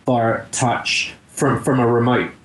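A man's voice: mid-range voice, level tone, slow, echoey room. A man on a casual tech podcast, explaining things in a matter-of-fact way.

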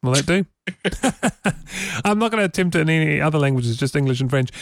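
Kiwi male co-host, slightly high voice, dry close sound, rambling and giggly. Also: a little fast, gravelly, no room sound. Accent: New Zealand. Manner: chatty, laughs often, rambling. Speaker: podcast co-host. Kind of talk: casual tech podcast chat.

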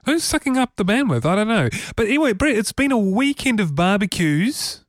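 A man's voice: sits high, big pitch swings, fairly quick, dry recording. A man hosting a casual tech podcast from a studio, talking in a loose, chatty way with frequent restarts. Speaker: podcast host.

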